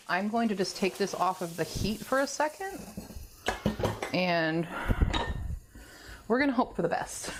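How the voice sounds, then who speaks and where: A woman's voice: fairly low pitch, background noise. A woman hosting a casual cooking vlog from her home kitchen. She rambles and laughs a lot, and talks to herself as she works. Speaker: cooking video host.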